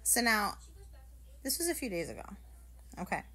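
Animated swearing woman telling a story. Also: medium pitch, moderate pace, husky, poor audio. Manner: animated, swearing, acts out quotes. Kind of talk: casual storytime rant.

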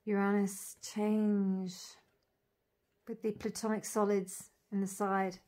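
A tarot reader does a casual unboxing of an oracle deck, going card by card and naming each one with its meaning. Her mid-range voice is slow and level, dreamy and admiring, lingering on single words amid soft laughs and gushing asides.

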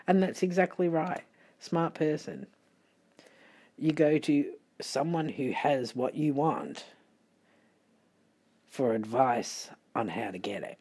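Middle-aged Australian tarot reader, sleepy, mellow and husky, unhurried chatty delivery. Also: medium pitch. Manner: chatty and rambling, with muttered asides. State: sleepy, late at night. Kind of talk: casual tarot reading.

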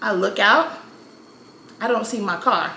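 A woman's voice: mid-range voice, measured pace, bright, forceful tone, slight background noise. A woman in her thirties telling a story on her vlog in a casual, sassy, slangy way. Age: 30s. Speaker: storytime vlogger. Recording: roomy echo, faint ambience.

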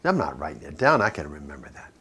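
A man's voice: extremely low pitch, wildly swooping pitch, quick pace, sharp tone, husky, voice pushed down, full character voice. A man voicing a stubborn elderly husband who refuses to write down an order.

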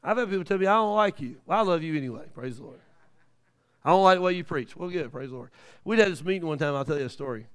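A man in his fifties preaching a live church sermon, telling stories in a folksy way with many amens. He swings from quiet asides to shouted peaks. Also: fairly high pitch, animated, fast talker, clean tone. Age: 50s. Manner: folksy, with frequent amens and praise the lord.

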